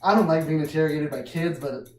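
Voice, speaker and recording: A woman's voice: sits low, quick pace, a little hiss or hum. Woman stand-up comic, self-mocking and loose, captured from across a roomy room. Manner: loose, self-mocking storytelling with frequent laughs. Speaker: stand-up comedian. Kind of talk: stand-up comedy set. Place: small comedy venue. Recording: roomy room heard from far off.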